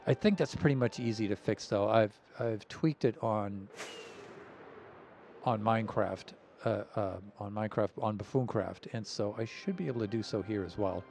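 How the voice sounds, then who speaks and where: A man streaming a game live, talking in an easygoing, rambling way with lots of fillers and soft chuckles. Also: fairly low pitch, moderate pace, gravelly, a little hiss or hum.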